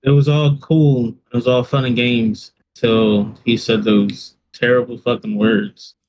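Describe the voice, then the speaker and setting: A man co-hosts a casual wrestling podcast at an ordinary middle pitch. He talks bluntly and swears often. He leans into dry, deadpan mock outrage. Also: unhurried, a little hiss or hum, rough recording. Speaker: podcast co-host. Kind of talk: casual chat.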